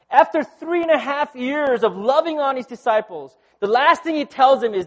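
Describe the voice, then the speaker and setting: A middle-aged male pastor giving a sermon in a conversational way, often tagging "right?" onto his points and moving between loud, animated storytelling and hushed intensity. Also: very high voice, normal speed. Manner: conversational preaching with frequent "right?" asides.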